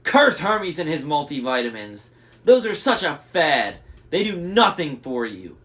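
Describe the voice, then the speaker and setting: A vain sorceress who sneers and mocks in a raised, loud, theatrical voice, as a male reader puts her on. She sounds proud and cutting, her pitch lifted well above a plain speaking voice. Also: lively intonation, a little slow. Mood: haughty. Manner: theatrical, mocking. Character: haughty sorceress woman, vain and shrill.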